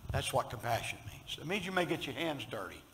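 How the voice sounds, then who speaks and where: A man with a Southern US accent preaching a sermon as pastor, swinging from loud emphasis to hushed storytelling and calling on the congregation to respond. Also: medium pitch, very animated, fairly quick, slight background noise, low-quality recording.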